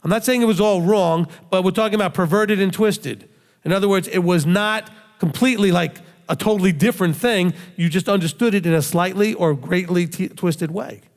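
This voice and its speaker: A man's voice: high-pitched, brisk. A male rabbi giving a conversational sermon, emphatic and full of rhetorical questions he answers himself. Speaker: rabbi teacher. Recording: long hall reverb.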